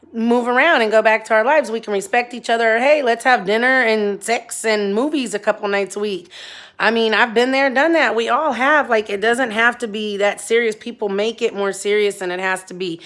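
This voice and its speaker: A woman's voice: fairly high pitch, fairly bright tone. A woman in her forties talking bluntly about her own life in a candid, rambling monologue, swearing freely. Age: 40s. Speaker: vlogger.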